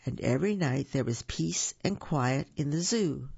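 A storyteller reading children's picture books aloud in a lively, sing-song way with small slips, on a dull, dry lo-fi recording. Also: mid-range voice, measured pace, gravelly, slightly rough, dry recording.

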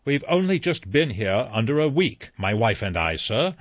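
A man's voice: medium pitch, big pitch swings, normal speed, no room sound. A man reading an audiobook, voicing an anxious, deferential middle-aged butler who pleads earnestly. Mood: pleading. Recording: slightly dull dry recording.

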